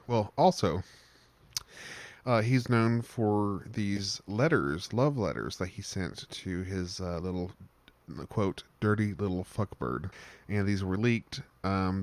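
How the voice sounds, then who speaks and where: A man with a fairly low voice co-hosting a casual podcast. He rambles, laughs often and loses his thread. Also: no room sound. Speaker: podcast co-host. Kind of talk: casual chat.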